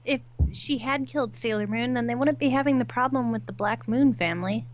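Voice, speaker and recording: A woman's voice: a little high, a little fast. A woman co-hosting a podcast, chatting casually and explaining her opinions thoughtfully. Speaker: podcast co-host. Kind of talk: casual chat.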